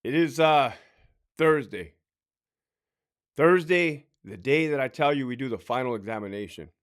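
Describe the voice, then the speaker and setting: A man's voice: medium pitch, lively intonation, clear, resonant tone. Man telling an emotional story. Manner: emotional, halting, with repeated phrases and sighs. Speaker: podcast host telling a personal story. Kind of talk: casual personal storytelling.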